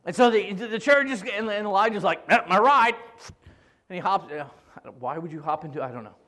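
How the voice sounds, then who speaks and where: A male pastor preaching a sermon, retelling scripture in an animated, joking way. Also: high-pitched, fast talker.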